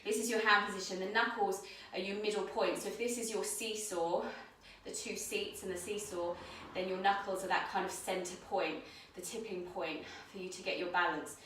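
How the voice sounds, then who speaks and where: A woman's voice: medium pitch, normal speed, slight background noise. Breathless woman guiding yoga in an echoey room. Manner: calm, guiding cues while demonstrating. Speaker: yoga teacher. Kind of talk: instructional yoga class. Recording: very echoey room, mic at a distance.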